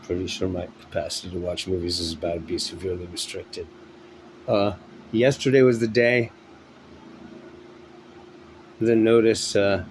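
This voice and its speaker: Man, low voice, out of breath, exhausted, halting, rambling monologue, faint fan hum. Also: rough recording. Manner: weary, halting, with many pauses and fillers. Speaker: vlogger. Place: at home indoors. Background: electric fan running.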